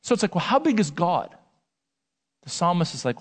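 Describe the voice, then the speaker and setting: A man preaching a sermon as a pastor, talking in a lively, conversational way and asking the audience questions. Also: sits high, normal speed. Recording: long hall reverb.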